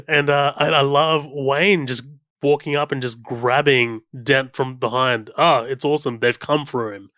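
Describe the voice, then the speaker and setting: A man co-hosting a film podcast talks through the movie with real enthusiasm, retelling scenes and even humming the score. His voice is smooth and resonant, and it sounds close and dry. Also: mid-range voice, slow, dry recording. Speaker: podcast co-host. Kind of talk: casual film commentary chat.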